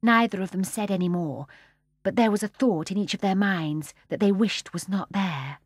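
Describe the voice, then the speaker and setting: Female audiobook narrator, expressive and measured, mid pitch, dry sound. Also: breathy edge, no room sound. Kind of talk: scripted narration.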